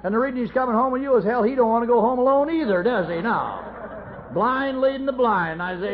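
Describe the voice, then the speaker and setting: On dull, lo-fi tape with a little hiss or hum, a middle-aged man shares his recovery story at an AA meeting. He speaks a little fast in a very high voice, telling it in a folksy way and poking fun at himself with wry humor.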